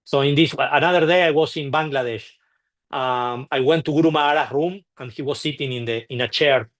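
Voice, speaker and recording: A man telling anecdotes at a temple gathering, halting and restarting often, acting out the people in his stories. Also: mid-range voice, a bit bright. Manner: halting, with frequent restarts and repeated words. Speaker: devotee sharing memories at a temple. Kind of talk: anecdotal storytelling talk.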